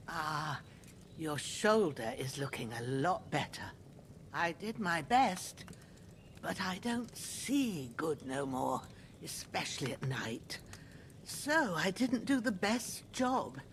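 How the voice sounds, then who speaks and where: A woman's voice: fairly low pitch, a little hiss or hum. A woman voicing an old rustic village healer in a video game, talking in a homely, folksy, motherly way.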